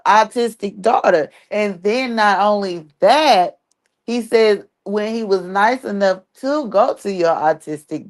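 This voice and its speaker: A woman giving casual livestream commentary in a blunt, exasperated way, swearing freely as she talks. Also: medium pitch. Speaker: streamer commenting on an online family.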